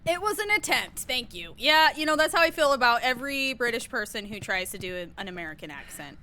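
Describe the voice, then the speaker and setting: A woman's voice: on the high side, fairly quick, pushed and bright, smooth. A young woman streaming a game, chatting casually with her viewers and shrieking and laughing at mishaps. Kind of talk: casual live-stream chat while gaming.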